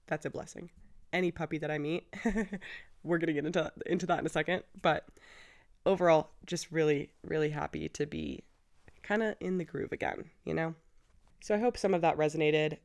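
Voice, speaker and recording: A woman's voice: sits low, expressive, normal speed, a little mellow. A woman in her twenties hosting a casual solo podcast, chatty and effusive, laughing often. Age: 20s. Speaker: podcast host.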